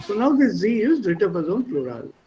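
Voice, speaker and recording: High-voiced man teaching German. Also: very animated, moderate pace, dark tone, slight background noise, rough recording. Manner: explanatory, mixes English, German and Hindi. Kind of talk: online language lesson. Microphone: video call.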